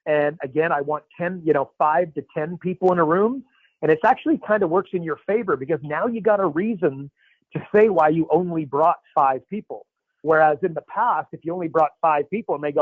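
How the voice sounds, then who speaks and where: A fairly high-voiced man hosts a live coaching call over a thin, phone-like line with a dry sound. He talks in an upbeat, slangy way and calls his callers buddy and man. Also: fairly quick, no room sound.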